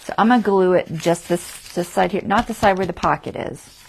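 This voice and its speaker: A woman's voice: fairly low pitch, fairly quick, gravelly, slight background noise. A woman hosting a casual craft tutorial livestream, chatty and self-deprecating, talking herself through each step and muttering half-whispered asides.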